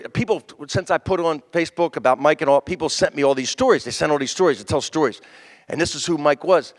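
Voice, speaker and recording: A man in his fifties, a comedian telling rambling stand-up stories at a memorial tribute on a stage, acting out the people in them. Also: medium pitch. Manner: rambling, animated, acts out quoted voices. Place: stage in front of a live audience.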